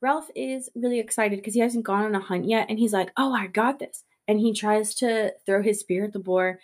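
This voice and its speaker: A woman co-hosting a casual book podcast, talking in an animated way and acting out characters' lines in quick voices. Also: medium pitch. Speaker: podcast co-host.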